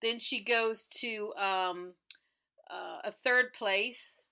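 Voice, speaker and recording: A woman's voice: mid-range voice, very slow, bright, forceful tone, clean tone. A woman who resells clothing, chatting through a TV episode recap and acting out the characters' lines as she retells them.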